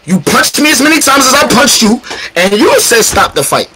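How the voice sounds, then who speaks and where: A man chatting casually on a livestream as a battle rapper guest, animated, profane and combative, teasing the chat directly. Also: extremely high pitch, normal speed, noisy background.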